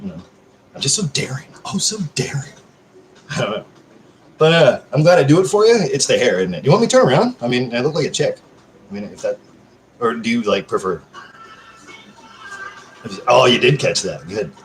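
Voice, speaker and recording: A man's voice: medium pitch, sing-song, normal speed, long pauses, a little hiss or hum. Male streamer, casual home live-stream chat, crude and joking with viewers.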